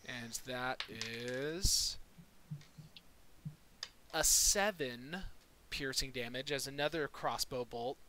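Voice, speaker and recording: A man's voice: mid-range voice, pushed and bright. A man running a tabletop game as dungeon master, narrating combat in a casual, rambling way. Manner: casual, rambling, with fillers and restarts.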